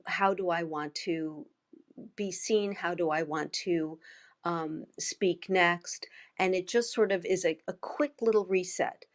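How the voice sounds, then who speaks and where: A woman with a fairly low voice, speaking as a guest in a chat room. She talks in a thoughtful way and tells stories from her own work. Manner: thoughtful, storytelling. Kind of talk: casual talk in an audio chat room.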